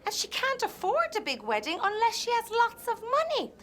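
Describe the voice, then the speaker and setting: An actress playing an anxious, chatty housemaid in a TV sketch, talking in an earnest, confiding way. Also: female voice, very high voice, huge pitch swings, moderate pace, fairly bright tone, slight background noise, full character voice. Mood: fretful. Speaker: sketch character. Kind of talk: comic TV sketch acting.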